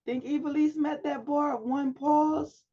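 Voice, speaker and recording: Female instructor, fry in the voice, lo-fi video call audio, prompting and critiquing students. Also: high-pitched, steady tone, a little slow, dark tone. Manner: coaching, asks questions and prompts students. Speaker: public speaking instructor. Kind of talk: class feedback over video chat.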